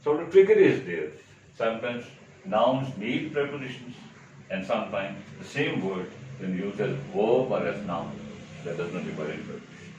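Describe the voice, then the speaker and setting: Male teacher, lowish voice, explains patiently with rhetorical check-ins, distant mic in a hollow echoey room. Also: animated, moderate pace, darkish tone, muffled recording, slight background noise. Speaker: English teacher. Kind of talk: exam-prep grammar lecture.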